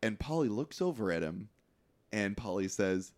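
Animated man recapping a movie. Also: lowish voice, normal speed. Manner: animated storyteller, acts out movie lines, swears freely. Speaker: podcast co-host. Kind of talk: casual movie recap chat.

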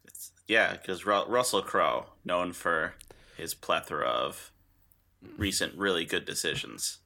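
A man's voice: deep voice, unhurried, pushed and bright. A man co-hosting a podcast in casual chat, joking sarcastically with many hesitations. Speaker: podcast co-host.

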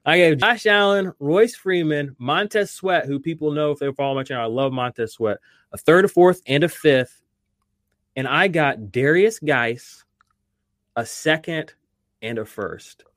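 A man's voice: on the high side, fairly bright tone, no room sound, clean studio sound. A man hosting a fantasy football podcast, talking casually and animatedly, with lots of fillers and restarts. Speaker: podcast host.

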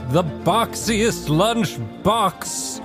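A man voicing a vain, theatrical young gentleman who speaks in a grand, drawn-out way. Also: high-pitched, lively intonation, over music, exaggerated voice. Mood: delighted.

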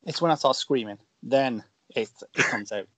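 A man's voice: mid-range voice, normal speed, no room sound. Black Country man, dry close sound. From Dudley, Black Country, England. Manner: animated storyteller, acts out quoted lines. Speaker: wrestler guest. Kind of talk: casual podcast chat.

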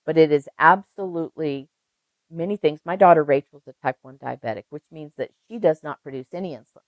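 A woman's voice: low-pitched, a little fast, no room sound, rough recording. An older woman, a registered nurse, telling stories emphatically in an interview and repeating phrases for effect. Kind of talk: conversational interview.

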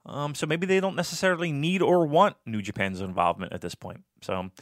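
A man telling casual stories in a podcast chat, animated and swearing, often jumping into a high voice when he quotes people. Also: brisk, no echo, clean studio sound.

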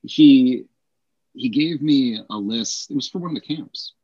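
A man co-hosting a casual teaching podcast, explaining with emphatic, quickly acted classroom examples. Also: medium pitch, mellow, husky, lo-fi sound. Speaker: podcast co-host, English teacher.

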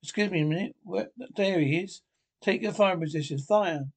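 A man with a slightly raised voice speaks in a crisp, clipped stage manner. His delivery is theatrical and mocking. It is dialogue from a 1960s British TV drama. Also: sits high, fairly quick. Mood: commanding.

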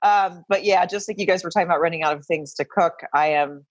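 A woman's voice: lowish voice, fast talker, dull audio. A woman from Arkansas, a podcast guest, chatting casually and self-deprecatingly about home life. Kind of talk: casual chat.

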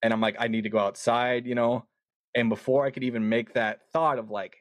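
A man casually telling a long story, animated and quoting himself often with words like "dude". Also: medium pitch, a little fast, no echo. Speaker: podcast guest.

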